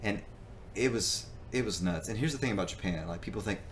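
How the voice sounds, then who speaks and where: A man with a fairly low voice co-hosts a gaming livestream. He tells a long, rambling story in casual chat and swears freely. A faint background hiss sits under his voice. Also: a little fast. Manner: profane, rambling, animated storyteller.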